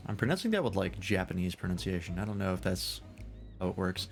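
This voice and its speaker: A man's voice: deep voice, animated, quick pace, vocal fry, faint music behind. A man streaming a video game, making wry, joking asides in casual commentary.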